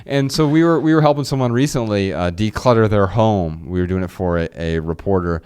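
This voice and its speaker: Low, smooth-voiced male podcast co-host in his thirties, eager rambling chat. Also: a little fast, a little mellow. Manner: rambling, enthusiastic, frequent restarts. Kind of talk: casual chat.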